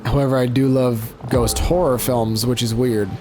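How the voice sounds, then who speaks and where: A man's voice: mid-range voice, little pitch movement, normal speed, background noise. Rambling man commenting on gameplay. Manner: rambling, self-interrupting, searching for words. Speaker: let's play host. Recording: game music playing behind.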